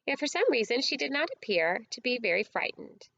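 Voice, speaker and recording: A woman reading a storybook aloud as an audiobook narrator, with clear, steady storytelling. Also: on the high side, brisk, muffled recording, slight background noise.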